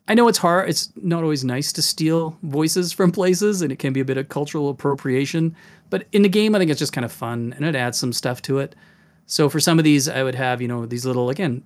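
A man hosting a casual podcast about running tabletop games, talking with animation and dropping into voices. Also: mid-range voice. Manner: animated, demonstrative, jumps into voices. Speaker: game master and podcast host.

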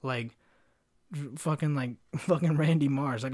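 A man's voice: mid-range voice, measured pace, a little mellow, no echo. A young adult man chats on his own podcast and rambles from one story to the next. His talk is slangy and full of swearing. He has a mid-range voice with a dry, close sound. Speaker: podcast host. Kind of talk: casual solo podcast chat.

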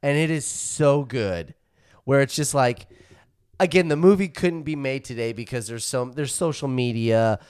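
A man's voice: medium pitch, normal speed, clear, resonant tone, no echo, studio quality. A man chatting casually as a podcast co-host, retelling movie scenes with laughs and acted-out lines. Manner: animated, laughing storyteller acting out movie scenes. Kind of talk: casual chat.

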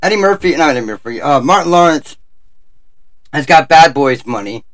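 A man's voice: a little high, lively intonation, normal speed. A man co-hosting a comedy podcast, teasing his partner and laughing often. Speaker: podcast co-host. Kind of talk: casual comedic chat.

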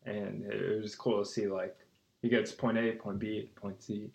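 A man's voice: on the low side, flat delivery, vocal fry, darkish tone, roomy sound. A man co-hosting a podcast in casual film discussion, easygoing and full of fillers. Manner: easygoing, filler-heavy, quick to agree. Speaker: podcast co-host.

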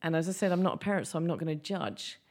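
A woman with a lowish voice hosts a casual podcast interview. She teases her guest and fires quick questions at him. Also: lively intonation, a little mellow. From United Kingdom. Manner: teasing, firing quick questions. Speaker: podcast host.

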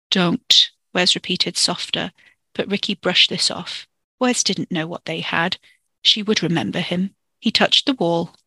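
A storyteller reading a dark fiction chapter in a steady, measured way into a close microphone. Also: medium pitch, breathy edge, dry recording. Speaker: podcast storyteller. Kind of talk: audiobook-style fiction narration.

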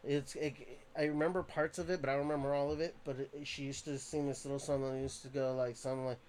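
Podcast host, man, mid pitch, earnest halting storyteller, casual chat. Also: little pitch movement, a little mellow, a little hiss or hum. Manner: earnest, halting, emotional retelling with restarts.

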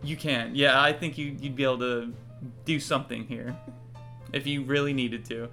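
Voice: mid-range voice, fairly even intonation, moderate pace, bright, forceful tone, soft background music. A game master narrating a tabletop game casually and laughing often.

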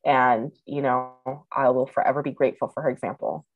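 A woman's voice: very deep voice, fairly even intonation, fairly quick, no room sound, narrow, tinny audio. A woman co-hosting a podcast in casual chat, often agreeing with short murmurs. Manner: warm agreeing, frequent "mm-hmm". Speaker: podcast co-host.

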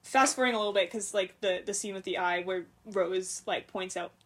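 A woman's voice: mid-range voice, fairly quick, fairly bright tone. A young woman co-hosting a podcast, recapping a TV episode in casual, rambling chat full of restarts and "like". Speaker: podcast co-host.

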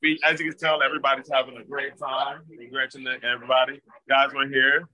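A man at a retreat party, excitedly calling greetings to people watching over a video call. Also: mid-range voice, quick pace, dry recording, low-quality recording. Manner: excited, calls out to the group.

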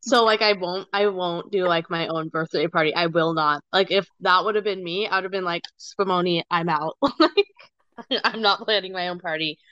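Lower-voiced woman guest, dull dry sound. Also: normal speed, sharp tone, dry recording. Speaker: podcast guest. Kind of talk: casual chat.

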